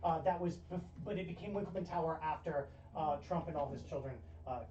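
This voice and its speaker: A woman's voice: deep voice, brisk. A woman narrating as game master in a tabletop game, in a casual, rambling way with many fillers, recorded distant and roomy. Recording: roomy, distant, muffled mic with faint hiss.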